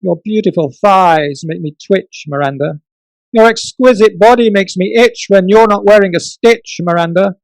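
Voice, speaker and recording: A man reading his comic poems at a book launch, theatrical, swinging from loud outbursts to soft murmurs. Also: sits high, normal speed, dry recording, rough recording. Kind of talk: comic poetry reading and casual asides.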